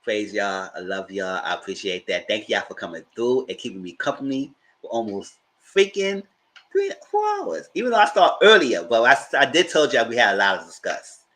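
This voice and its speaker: Animated man hosting a livestream. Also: on the low side, moderate pace. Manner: animated, emphatic, talks straight to viewers. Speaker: livestream host. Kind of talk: casual livestream commentary.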